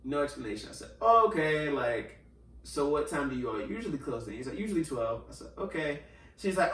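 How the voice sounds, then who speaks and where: In this podcast clip, a male host with a voice on the high side talks briskly, animating his story by performing the quotes and leaning on lots of fillers. The audio is roomy, captured from a distance and slightly off mic.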